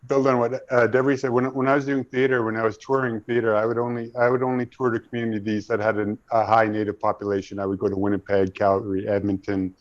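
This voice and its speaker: A man's voice: fairly low pitch, level tone, fast, hardly any pauses, muffled recording. A middle-aged man, an actor, talking thoughtfully in a panel interview, telling stories with frequent restarts.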